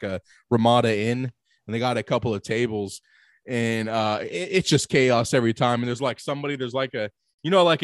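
A man's voice: medium pitch, no echo, studio quality. A man chatting casually as a podcast co-host, rambling and swearing, with lots of filler words. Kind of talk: casual chat.

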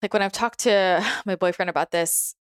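A young woman musing aloud in a relaxed monologue, chatty and full of little laughs and restarts. Her voice sits at an ordinary middle pitch. It is recorded dry and close, with no room sound. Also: moderate pace, smooth, no room sound. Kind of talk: casual reflective monologue.

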